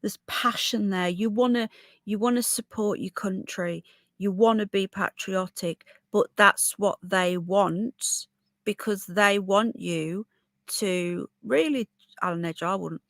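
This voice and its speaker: A woman's voice: mid-range voice, slow pace, a bit bright, no echo. Chatty woman with a sore throat. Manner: chatty, opinionated, rambling with restarts. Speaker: livestream host. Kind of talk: casual live chat reading viewer comments.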